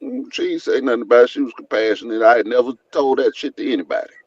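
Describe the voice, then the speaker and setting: A man speaking frankly and reflectively about his marriages, in a slow, casual way. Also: mid-range voice, expressive, darkish tone, breathy edge, no echo. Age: adult in his second marriage. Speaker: guest on a live talk. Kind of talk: casual chat. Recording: dull, lo-fi stream audio.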